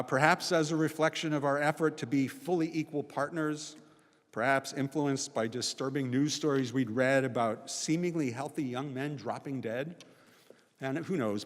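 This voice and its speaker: A man in his sixties, a visiting professor, talks through personal stories in an easy conversational way. He often checks in with a quick "right?" Long reverb from the chapel hangs behind every phrase. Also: mid-range voice. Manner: conversational, frequent "right?" tags. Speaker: guest speaker, sociology professor. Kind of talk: personal storytelling talk. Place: college chapel.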